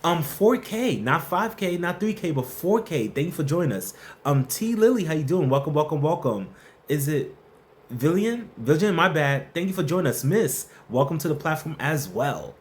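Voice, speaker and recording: A man's voice: on the high side, very animated, normal speed. A man hosting a casual workplace advice livestream, answering viewer questions and greeting the chat by name in a playful, slangy way.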